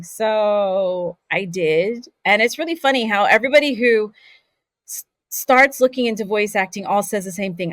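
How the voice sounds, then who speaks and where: Raised across California, Saudi Arabia and Scotland, this woman voice actor laughs a lot as she spins vivid stories during a relaxed interview. She speaks at normal speed in a mid-range voice, recorded dry.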